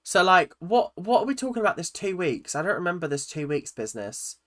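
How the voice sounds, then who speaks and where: A woman's voice: lowish voice, big pitch swings, a little fast, a bit bright. A British woman talks casually over a TV episode. She is sarcastic and blunt and swears freely. Her voice rises and falls a lot as she reacts. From United Kingdom. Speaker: reaction video host.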